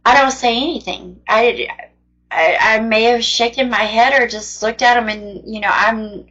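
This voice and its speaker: A woman's voice: fairly high pitch, fairly even intonation, normal speed, bright, forceful tone, lo-fi sound. A woman telling a personal testimony of faith in a casual, earnest, rambling way. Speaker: faith storyteller.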